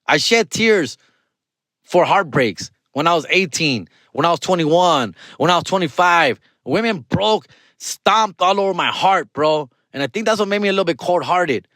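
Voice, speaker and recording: A man in his forties, a podcast host with a Californian accent, telling a self-mocking story in an animated, slangy way. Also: high voice, moderate pace, no room sound. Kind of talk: casual comedic monologue.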